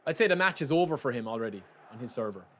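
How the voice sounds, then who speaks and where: A man's voice: medium pitch, expressive, very fast, slight background noise. A man giving casual, joking live commentary while he plays a football game and chats to his viewers. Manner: chatty and joking, talks to viewers as lads. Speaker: gaming streamer.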